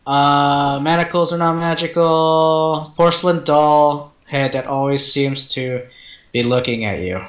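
Young man as game master, bright lively voice, roomy room echo. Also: fairly high pitch, unhurried. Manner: animated, laughs easily, repeats rulings. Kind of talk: casual tabletop game narration.

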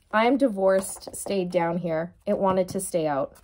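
A woman's voice: medium pitch, a little slow, darkish tone. A woman giving a casual tarot reading, chatty and addressing viewers directly, often breaking into giggles. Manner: giggly, bursts into laughter. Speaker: tarot reader.

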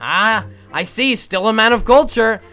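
A man's voice: high-pitched, animated, a little slow, pushed and bright, faint music behind, heavily acted. A man voicing an awkward, overly familiar adult male stranger who draws his words out eagerly.

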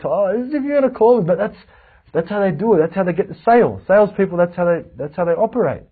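A man giving a casual religious class, lively and animated, acting out little anecdotes. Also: a little high, fast, husky. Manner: lively, animated, acts out anecdotes, frequent restarts. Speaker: religious teacher. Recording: tinny phone-like lo-fi recording.

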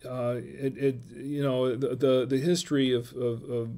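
A middle-aged man with a gravelly, fry-edged voice hosts a casual wine livestream. His pitch sits in an ordinary middle range. He rambles through stories with frequent fillers and false starts, pausing to read viewer comments aloud. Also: level tone, mellow. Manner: rambling, many restarts and fillers; reads viewer chat aloud. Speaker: livestream wine show host.

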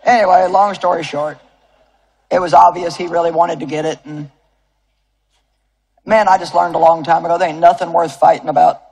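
A woman in her seventies preaching a sermon to a live audience, telling a story in a folksy, animated way with asides to the crowd. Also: on the low side, moderate pace, creaky, pauses often, slightly rough. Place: large auditorium with audience.

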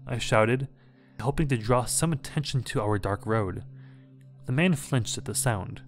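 A man reading a scary story aloud in a measured, dramatic way. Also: mid-range voice, expressive, faint music behind. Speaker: horror story narrator. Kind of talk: scripted horror story narration.

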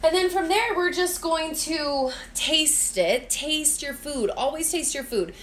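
A woman's voice: high voice, slow, fairly bright tone, slight background noise. A woman giving a casual, chatty cooking demonstration in her home kitchen, mixing instructions with friendly asides. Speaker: cooking vlogger and teacher.

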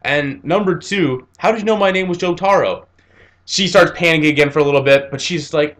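A young man reviewing an anime episode, retelling scenes in a casual, animated way with fillers. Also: on the high side, a little fast.

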